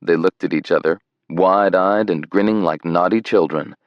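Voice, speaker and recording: A man reading a romance audiobook in a measured, tender scripted narration. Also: deep voice, no room sound, muffled recording.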